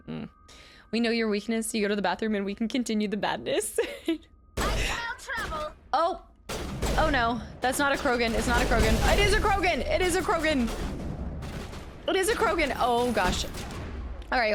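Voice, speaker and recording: A woman streaming a game, chatting casually with her viewers, laughing often and shouting during fights. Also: medium pitch. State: out of breath. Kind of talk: casual live-stream gameplay chat.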